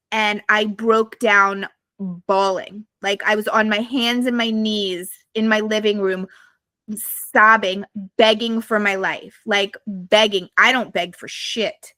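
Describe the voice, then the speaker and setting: A woman's voice: on the high side, pushed and bright, no echo. A woman guest on a podcast telling her story to a live audience in a blunt, emphatic way with frequent swearing.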